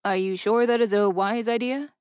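A woman's voice: mid-range voice, steady tone, darkish tone, clean tone, no echo, studio quality, lightly acted. A woman voicing a formal male lawyer. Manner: formal, measured.

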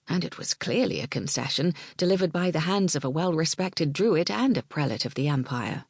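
A woman narrating an audiobook in a measured, expressive way that dips into whispers. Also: sits low, no room sound, studio quality.

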